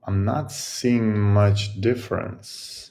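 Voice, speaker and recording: Working through a coding problem on his tutorial channel, a man thinks aloud in a halting, musing way, full of pauses and fillers. His voice sits on the low side, steady, gravelly and dark.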